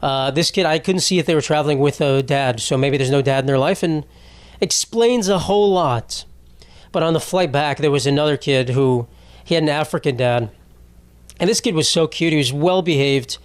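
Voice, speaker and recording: Profane, rambling comedy podcast host. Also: male voice, fairly high pitch, moderate pace, clean tone, no room sound. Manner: profane, rambling, laughs at his own stories.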